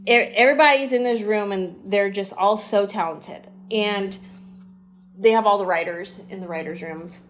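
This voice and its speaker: A woman comedian in her thirties, a podcast guest telling animated stories and slipping into quick impressions. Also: mid-range voice. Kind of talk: storytelling podcast interview.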